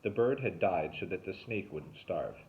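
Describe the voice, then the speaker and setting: A man, a teacher, reading a novel aloud with expressive storytelling. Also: normal speed, slight background noise. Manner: expressive storytelling with lively pitch. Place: home, remote recording. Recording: tinny phone-like sound.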